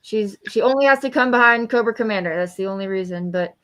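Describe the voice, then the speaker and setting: A woman's voice: medium pitch, fast talker, fairly bright tone. A woman who is a guest on a casual podcast chat, speaking in an enthusiastic, chatty way.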